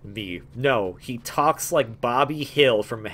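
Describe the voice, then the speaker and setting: A man's voice: mid-range voice, lively intonation, slow pace, hardly any pauses, fairly bright tone, slightly rough. A young man hosting a gameplay video, rambling in a jokey way with lots of stammers and restarts. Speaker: gaming video host. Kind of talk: casual gameplay commentary.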